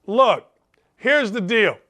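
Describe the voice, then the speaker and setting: Brief: middle-aged man, sports talk host, high forceful voice, blunt folksy ranting monologue. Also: lively intonation, slow. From Indianapolis, United States. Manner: blunt, riled-up, folksy slang. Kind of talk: opinionated sports radio monologue.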